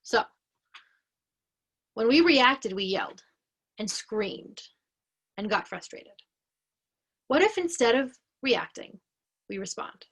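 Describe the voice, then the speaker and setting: A woman educator giving an explanatory lesson in a slow, deliberate, clearly paced way. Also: on the high side, big pitch swings, a bit bright.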